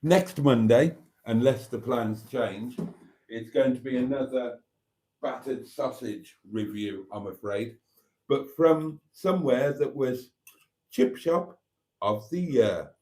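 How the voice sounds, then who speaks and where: British guy rambling on a live stream, chatty, reading out comments, mid pitch. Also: takes it slowly, dark tone. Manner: chatty, rambling, reads viewer comments aloud.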